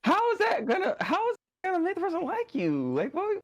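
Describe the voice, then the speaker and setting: A woman guest chatting casually, reacting with animated disbelief and quick questions. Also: very high-pitched, no echo. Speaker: guest streamer. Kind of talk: casual chat.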